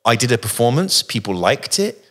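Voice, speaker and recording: A man from England, a guest musician in a casual interview, telling thoughtful anecdotes with frequent pauses and fillers. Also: medium pitch, sing-song, a bit bright. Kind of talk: casual interview, reflective storytelling.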